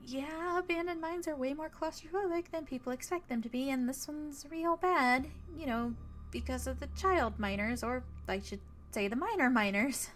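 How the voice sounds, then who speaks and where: A woman's voice: high voice, moderate pace, a bit bright, a little hiss or hum, pitched above the performer's own voice. A woman voicing a wry, unflappable young ghost hunter who talks in a dry, teasing way.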